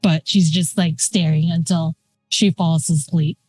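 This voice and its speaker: Player, woman, halting, unhurried, dry close sound. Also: deep voice, fairly even intonation, darkish tone, no echo, faint music behind. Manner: hesitant, lots of fillers. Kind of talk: describing her character's actions.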